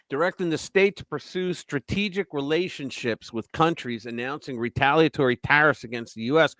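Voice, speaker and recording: Animated, blunt older male stream host. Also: a little high, no room sound. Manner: blunt, profane, animated storyteller. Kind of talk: political live-stream talk.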